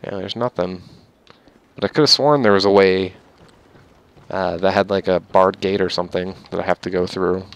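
A man's voice: low-pitched, fairly even intonation, moderate pace, smooth. A young man giving rambling, casual gameplay commentary, swearing at enemies with mock-angry outbursts. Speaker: gamer.

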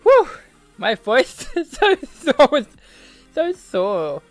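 An Australian man with an unusually high voice commentates his own video game like a sportscaster. His delivery swings widely between hushed suspense and shouted cheers, though his pace is unhurried overall. Faint game music plays behind him. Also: huge pitch swings, no room sound. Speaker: gaming channel host. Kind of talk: self-commentary while playing a video game.

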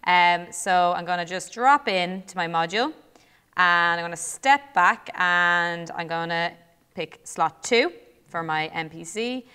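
A woman's voice: lowish voice, a little slow, pushed and bright, clean tone. A young Irish woman co-hosting a lesson, chatting and thinking aloud as she demonstrates a build. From Ireland. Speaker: co-host teacher. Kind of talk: casual classroom demo while playing.

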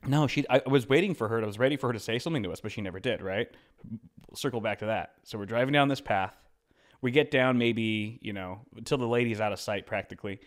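A young man sits at the podcast mic and tells a travel story in a loose, chatty way. His pitch sits in the middle for a man. He keeps it lively by dropping into quick imitations of the people in the story. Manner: animated, acts out quoted voices. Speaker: podcast co-host. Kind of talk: casual storytelling.

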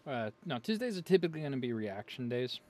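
A man's voice: medium pitch, very animated, quick pace, a little mellow. Jokey rambling man vlogging. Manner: rambling, jokey, playfully exaggerated delivery. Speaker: channel host. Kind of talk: casual story-time vlog chat.

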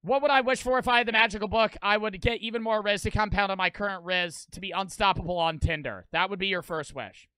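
A man's voice: sits high, quick pace, hardly any pauses, pushed and bright, clear, resonant tone, no room sound. A young man streaming a reaction video, with profane, mocking, rambling commentary.

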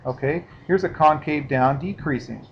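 A man's voice: a little high, normal speed. A man teaching a math lesson in a casual, explanatory way, often checking in with his students. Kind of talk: recorded classroom lecture. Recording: dull lo-fi sound with faint hiss.

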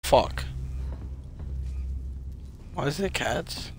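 A man's voice: a little high, animated, very slow, slight background noise. A man streaming a horror game live, talking to himself in frustration and swearing constantly. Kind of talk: live gaming commentary.

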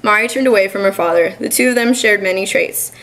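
A young woman student reading her own short story aloud at a college reading, in an even, measured manner. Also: mid-range voice, rough recording. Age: young adult. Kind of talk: literary reading.

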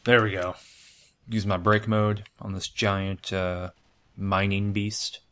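A man's voice: on the low side, slow pace, a little hiss or hum. A man commentating his own video game playthrough, thinking aloud and cheerfully mocking his own play. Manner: excitable, self-deprecating, thinks aloud.

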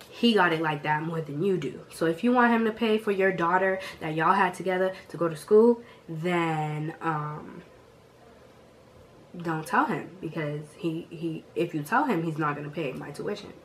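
A young woman from the Boston area, recorded at home on a camera mic, telling a story to viewers in a chatty, animated way. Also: deep voice, normal speed, slight background noise. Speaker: vlogger. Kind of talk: casual storytelling.

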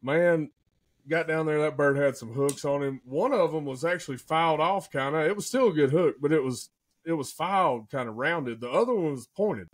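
A man, a podcast guest telling a story in an excitable, animated way and often saying "man" and "dude". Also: a little high, moderate pace. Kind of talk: casual storytelling.

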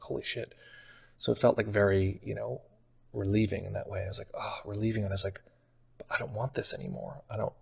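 A man's voice: lowish voice, vocal fry, darkish tone, husky. A man telling a personal story in a casual, rambling way, with many fillers. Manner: casual and rambling, heavy use of "like". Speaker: meditation channel host.

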